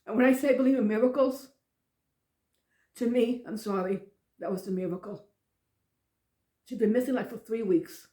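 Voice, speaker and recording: A woman pastor telling a personal story, emotional and animated, often repeating phrases. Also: on the high side, moderate pace, long pauses, reverberant.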